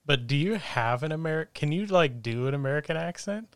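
A man's voice: a little high, animated, fairly quick, crowd noise. A young man chatting casually and asking curious questions. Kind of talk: casual chat.

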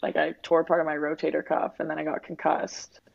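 Brisk and flat, with a low, creaky, slightly rough voice, a twenty-something woman athlete from Winnipeg, Canada, talks in a candid interview. She reflects openly, peppering her speech with "like" and "um". The recording is dull, dry, lo-fi and echo-free.

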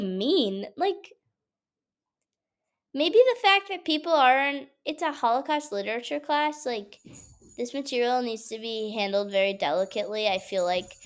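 A young woman, a college student, chatting casually to the camera in a vlog, telling stories with lots of fillers. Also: medium pitch. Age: young adult. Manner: chatty, animated storytelling with frequent fillers. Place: at home.

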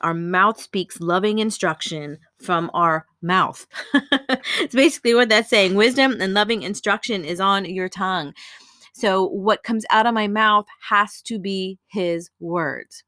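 A woman's voice: mid-range voice, measured pace, sharp tone, no echo, clean studio sound. A woman giving an earnest devotional Bible teaching with prayer, speaking in a conversational way with casual fillers.

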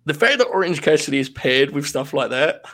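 A man's voice: a little high, animated, brisk, a bit bright. Laughing, rambling male podcast co-host. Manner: laughs often, swears, rambling asides. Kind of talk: casual chat.

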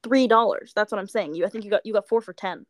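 A young woman co-hosts a podcast late at night, sounding tired as she chats casually and tells stories with plenty of giggling and excitement. Her mid-range voice moves fast, and the studio-quality recording has no room sound.

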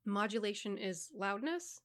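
A woman's voice: mid-range voice, lively intonation, unhurried, fairly bright tone. A woman co-hosting a casual podcast conversation, explaining things like a voice teacher, frank and instructive.

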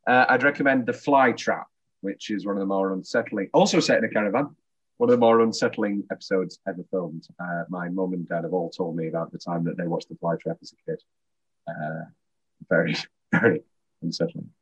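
A man's voice: sits low, fairly even intonation, fairly quick, slightly rough, dull audio. A man hosting a podcast, chatting enthusiastically and laughing often. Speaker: podcast host. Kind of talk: casual chat.

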